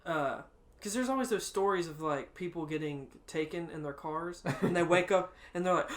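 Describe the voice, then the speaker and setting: A man co-hosting a podcast, telling a story in casual chat, laughing often and acting out quotes loudly. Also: fairly high pitch, normal speed. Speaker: podcast co-host.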